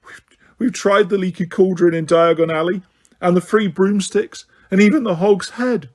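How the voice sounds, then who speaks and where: A man's voice: high-pitched, steady tone, normal speed, voice pushed up. A man reading an audiobook and voicing a clever, frightened teenage schoolgirl, pleading and sobbing.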